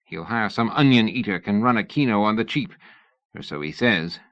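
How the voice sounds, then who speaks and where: Guy doing a gruff rogue, low and blunt, muffled dry audio. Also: lively intonation, normal speed, fairly bright tone, no echo. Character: cocky streetwise London man, gruff and blunt.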